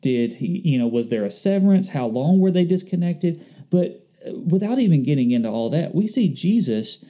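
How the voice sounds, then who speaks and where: A man's voice: on the high side, sing-song, normal speed, warm tone. A man preaching a sermon, earnest and conversational, reflective as he speaks to his congregation. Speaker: pastor.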